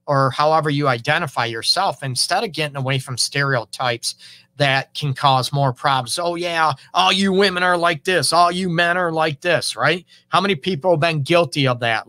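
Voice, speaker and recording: Man, casual relationship monologue, bright forceful tone, dry close sound. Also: fairly high pitch, no echo. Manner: conversational, acts out quoted partners.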